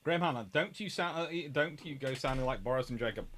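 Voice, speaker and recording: A man's voice: mid-range voice, animated, quick pace, fairly bright tone, a little hiss or hum. A man from England hosting a casual livestream, reading out viewer questions and answering them conversationally. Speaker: host.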